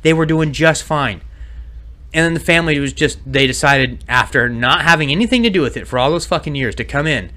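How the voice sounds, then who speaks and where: A man's voice: a little high, animated, fairly quick, bright, forceful tone. A man co-hosting a casual podcast, ranting heatedly and swearing a lot. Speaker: podcast co-host.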